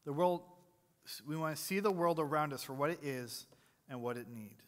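In a church sanctuary with long hall reverb, a man with a slightly high, somewhat bright voice delivers a sermon at normal speed. As pastor he keeps things chatty and jokey, stopping to quiz the congregation between earnest points.

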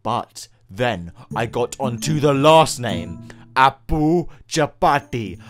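Dude voicing a jittery young guy playing detective, low muttery voice, talks slow, voice swings around. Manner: low, muttering detective talk that bursts into panicked yelps. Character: Franklin, a jumpy young male amateur detective. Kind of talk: comedic game voice-over.

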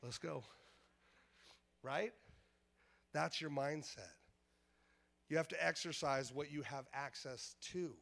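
Male pastor, sermon delivery; slightly high voice, emphatic, repetitive, call-and-response with the room. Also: slow pace, gravelly, pauses often, a bit bright. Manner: emphatic, repetitive, calls out to the congregation. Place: church service.

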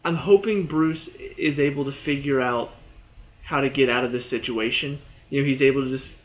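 A man's voice: medium pitch, moderate pace, lo-fi sound. A man giving a casual, rambling spoken review of a TV episode, full of "you know" and "like".

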